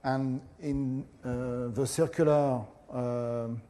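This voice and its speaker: A middle-aged man with a French accent, a professor giving a conference lecture in a hesitant way with many pauses and filler sounds. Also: medium pitch, fairly even intonation, warm tone.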